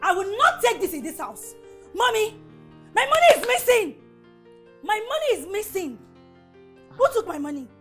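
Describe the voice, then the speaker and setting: An actress with a Nigerian accent playing a loud, accusing young woman in a Nollywood film. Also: extremely high pitch, sing-song, normal speed, faint music behind. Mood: indignant.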